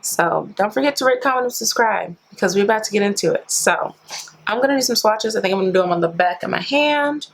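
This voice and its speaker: A woman's voice: mid-range voice, lively intonation, fast, slight background noise, rough recording. A woman beauty vlogger chatting casually through a product review, filling her talk with "like" and playful slang. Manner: chatty, says "like" constantly; playful slang, calls viewers sis and honey.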